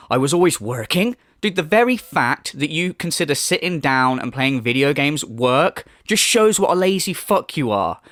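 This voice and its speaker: A man's voice: high-pitched, no echo, studio quality. A man hosting a commentary video, sarcastic and swearing, mocking what he reacts to. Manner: sarcastic, swears a lot, lively mocking impressions.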